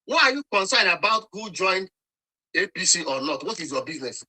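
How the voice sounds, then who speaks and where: This is a Nigerian man with a high voice, pushing his point hard in a heated online debate. His tone is very sharp and bright, and he scolds and repeats words as he presses on. He sounds insistent from start to finish. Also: expressive, brisk, rough recording. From Nigeria, Nsukka. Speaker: speaker in an online audio room debate. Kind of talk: heated political argument.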